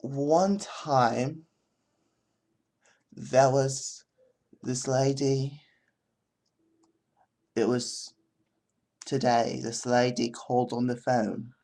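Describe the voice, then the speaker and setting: A man's voice: medium pitch, fairly even intonation, extremely slow, vocal fry, long pauses, darkish tone. A young man vlogging who tells a store story in an exaggerated, put-on British accent, rambling and quoting customers. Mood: playful. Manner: rambling, chatty storytelling with quoted dialogue. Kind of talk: comic vlog storytelling.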